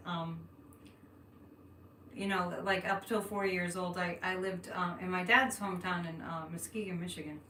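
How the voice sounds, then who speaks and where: A woman with a medium-pitched, sharp-toned voice and a light Boston accent reads cards as a psychic on a livestream. She chats with viewers, laughs often, and thinks out loud, recorded in an echoey room on a distant mic with faint noise.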